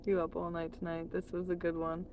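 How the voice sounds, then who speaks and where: A woman's voice: on the low side, monotone, a little fast, background noise. A woman chatting on a late-night livestream from home, profane and laughing often while she reads chat aloud.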